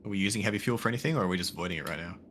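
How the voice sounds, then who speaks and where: A man with a very low voice but a bright, forceful edge to it, chatting in a gaming voice call. He thinks out loud, rambles a little and swears casually. The talk is relaxed and conversational. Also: racing, slight background noise. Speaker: game player. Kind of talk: casual voice chat while gaming.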